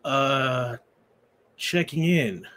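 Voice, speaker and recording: A man playing an exhausted, evasive man in his thirties who speaks hesitantly and haltingly, with nervous pauses. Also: mid-range voice, animated, fairly bright tone.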